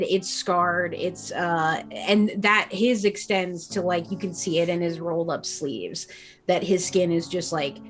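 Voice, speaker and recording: Slow, rambling woman game master. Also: mid-range voice. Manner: rambling, full of fillers. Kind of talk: narrating a tabletop game.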